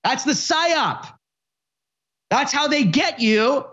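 A man's voice: extremely high pitch, lively intonation, slow, pushed and bright, highs cut off. A male talk show host ranting sarcastically, stammering and repeating himself. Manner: sarcastic, stammering repetitions, mock voices. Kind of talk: ranting commentary.

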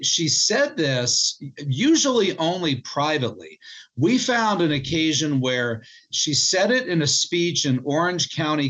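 A man's voice: fairly high pitch, a bit bright, breathy edge, rough recording. A man, a book co-author, telling his research story in an interview in an earnest way, often restarting and repeating words.

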